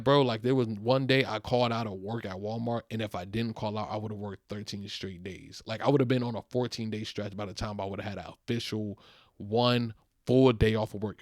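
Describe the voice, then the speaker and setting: A young man hosting a podcast, telling a story in a casual monologue, venting and animated, with heavy slang and swearing, sounding worn out. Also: on the low side, moderate pace, no room sound, studio quality. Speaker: podcast host.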